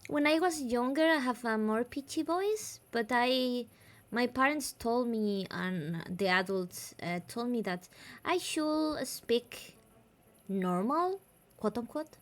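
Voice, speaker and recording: A woman's voice: a little high, lively intonation, slow. A woman from southern Spain with a Spanish accent, a native Spanish speaker, chatting casually as a streamer, laughing often and switching between English and Spanish. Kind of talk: casual chat.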